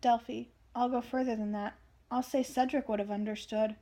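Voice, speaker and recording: A woman reading aloud the lines of a calm, persuasive young witch in a plain read-aloud manner. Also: on the high side, normal speed. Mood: earnest.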